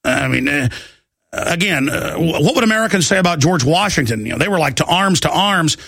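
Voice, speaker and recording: A gravelly, high-pitched man in middle age rants on his political talk radio show, combative and loud, now and then mocking his opponents. His tone is bright and tense, and the sound is dry and close. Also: animated, brisk, no echo.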